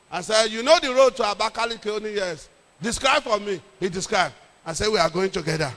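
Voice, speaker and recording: A middle-aged Nigerian man, a pastor, telling a lively story in a sermon with jokes and pidgin. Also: high-pitched, big-room sound.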